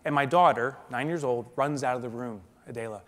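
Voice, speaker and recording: Man telling a story in a reverberant hall. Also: medium pitch. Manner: swings from loud and animated to hushed and slow in emotional moments. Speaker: keynote speaker. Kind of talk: dramatic personal storytelling to a live audience. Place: large conference hall.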